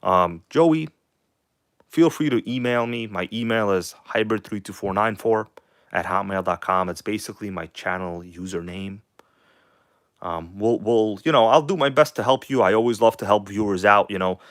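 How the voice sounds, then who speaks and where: Chatting with viewers during a casual livestream, a man works on a model engine, moving between a lively showman's delivery and hushed mumbles. He speaks at a moderate pace with a voice on the low side, in studio-quality audio without room sound.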